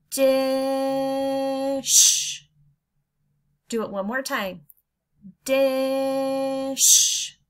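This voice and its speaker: A woman teaching young children to blend letter sounds, speaking in a slow, encouraging way and drawing the sounds out for them to repeat. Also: on the high side, a bit bright. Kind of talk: phonics lesson for young children.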